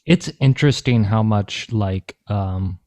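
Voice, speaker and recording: A man's voice: fairly low pitch, no echo. Easygoing young man, dry close sound. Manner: relaxed, quick to agree, joking. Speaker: podcast co-host. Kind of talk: casual chat.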